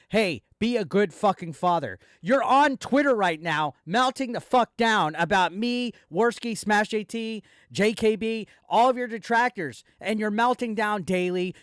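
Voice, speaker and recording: A man with a notably high-pitched voice rants through a commentary video. He swears constantly and talks straight at the person he is attacking. The sound is dry, with no room echo. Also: normal speed, few pauses, smooth. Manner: profane, heated ranting addressed straight at a rival. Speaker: commentary channel host. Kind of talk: angry reaction commentary.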